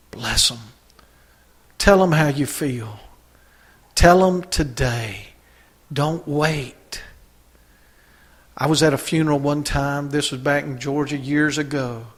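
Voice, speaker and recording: A male pastor delivering a sermon in a folksy, conversational way. His voice sits a little high, and he moves between loud calls to his listeners and soft, personal storytelling. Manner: folksy, swings from loud exhortation to quiet storytelling.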